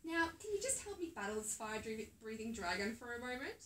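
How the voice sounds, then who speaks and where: A determined little girl ferret from a storybook, hopeful and a touch stubborn, as a woman reads her aloud. Her voice sits high and swings up and down with a bright edge. It is caught on a phone from across an echoey room. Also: big pitch swings, a little fast, recorded from a distance, a little hiss or hum. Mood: eager.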